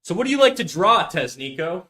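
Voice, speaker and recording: This foul-mouthed, laid-back young live-stream artist chats casually while drawing, reading chat aloud and swearing a lot. His voice sits high, very animated, brisk, pushed and bright, captured by a USB condenser desk mic in an untreated room of his apartment.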